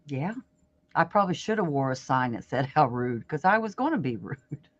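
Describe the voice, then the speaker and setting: Her voice sits low and sing-song as she crochets on a livestream, chatting casually and bluntly at a moderate pace and laughing a lot. The livestream audio is dull and lo-fi.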